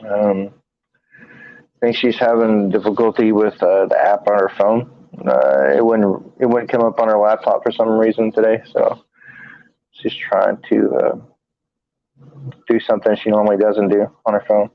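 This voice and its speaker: A low-voiced man chats through a live stream in a flat, sleepy monotone, stumbling over fillers and restarting his sentences. The audio is dry and dull, like a lo-fi stream. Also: no echo. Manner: halting, many fillers and restarts; monotone, tired from little sleep. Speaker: paranormal investigator and show co-host. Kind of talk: casual live-stream chat.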